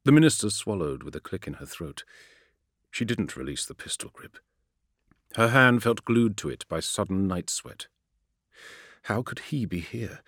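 A man narrating a dark science-fiction story in an expressive, dramatic reading style. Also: fairly low pitch, normal speed, no echo, clean studio sound. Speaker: audiobook narrator. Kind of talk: scripted narration.

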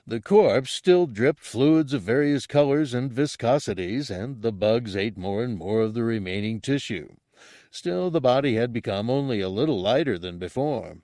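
A man narrating an audiobook in a steady, unhurried storytelling manner. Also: medium pitch, dry recording, clean studio sound.

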